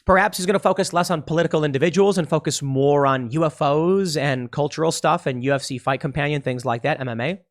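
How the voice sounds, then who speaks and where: Emphatic man with a higher voice. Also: fast talker, few pauses. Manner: emphatic, repeats phrases, frequent restarts. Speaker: podcast host. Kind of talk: political commentary monologue.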